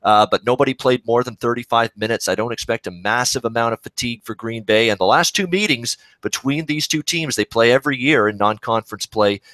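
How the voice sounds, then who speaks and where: A man co-hosting a sports betting show, breaking down the lines in a measured, methodical way. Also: medium pitch, fairly bright tone, no room sound. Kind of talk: betting analysis chat.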